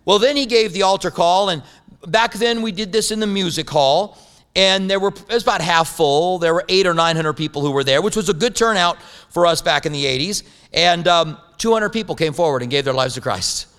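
A man's voice: sits high, fairly quick, a bit bright, clean tone. A man preaching a sermon as a pastor, telling stories with humorous asides. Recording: long hall reverb.

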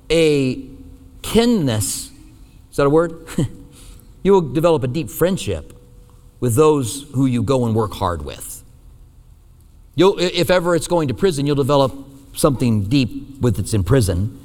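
A male pastor preaching a sermon, telling a personal story with lively, self-deprecating humor. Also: a little high, long reverb tail.

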